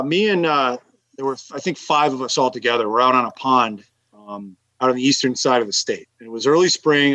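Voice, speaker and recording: A male podcast guest telling stories in casual chat, animated and rambling, laughing as he goes. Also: medium pitch, dry recording, lo-fi sound. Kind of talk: casual storytelling.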